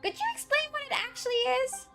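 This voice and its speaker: A woman voicing a small, bossy floating female companion, reading game lines in a squeaky, indignant way. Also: expressive, quick pace, pushed and bright, soft background music, heavily acted. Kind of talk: reading game dialogue aloud.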